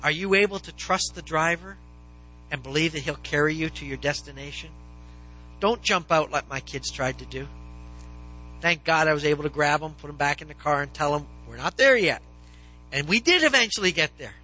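A man preaching a sermon to his congregation, animated and swinging into loud, dramatized questions. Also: fairly high pitch, fairly quick, slight background noise, low-quality recording. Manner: animated, rising to near-shouts in dramatized questions. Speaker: pastor. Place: church sanctuary with congregation.

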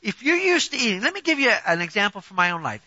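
A man delivers a sermon in a high voice with a sharp, bright edge. He talks to the congregation conversationally but with emphasis, pressing rhetorical questions. The recording is dry and a touch dull. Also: big pitch swings, quick pace, no echo. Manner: conversational, personal examples. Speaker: preacher.

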